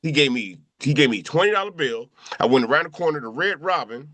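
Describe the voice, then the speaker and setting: A man's voice: a little high, lively intonation, quick pace, a bit bright, no room sound. Middle-aged guy telling a story, swears a lot, repeats himself, dry close mic. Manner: loose, profane, repeats phrases. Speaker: show crew member telling a memorial story. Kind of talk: casual storytelling among friends.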